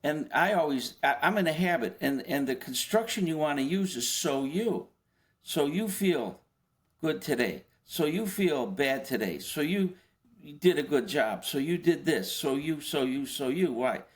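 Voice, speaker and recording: A fairly high-voiced older man talks through his points in a relaxed interview. He keeps asking his listener rhetorical questions and often trips into restarts before pressing on. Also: moderate pace. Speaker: interview guest, former FBI agent. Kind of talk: conversational explanation.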